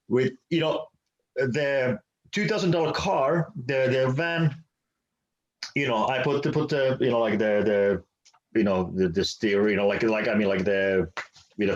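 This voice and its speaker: A man from Finland tells a road story haltingly, hunting for words with a lot of fillers and restarts. His mid-pitched voice comes through dull and a little lo-fi. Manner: halting, many fillers and restarts, backchannels often. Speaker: musician in a rock duo, podcast guest. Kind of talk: casual storytelling.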